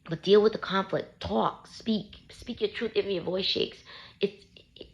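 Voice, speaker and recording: A woman's voice: mid-range voice, moderate pace, lo-fi sound. A woman, a parent, giving self-help advice to camera in a casual, earnest, repetitive coaching way, recorded on a phone she holds. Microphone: handheld phone.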